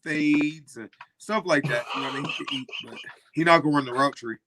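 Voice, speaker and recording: A man's voice: fairly high pitch, a little fast, background noise. A male co-host in casual sports talk, laid-back and explaining his points. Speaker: podcast co-host.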